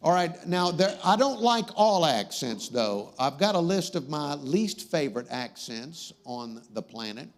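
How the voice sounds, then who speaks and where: Wisecracking man hosting, high voice. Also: big pitch swings, a little slow, few pauses. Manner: rambling, wisecracking, easily sidetracked. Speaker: talk show host. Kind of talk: comedic talk show monologue.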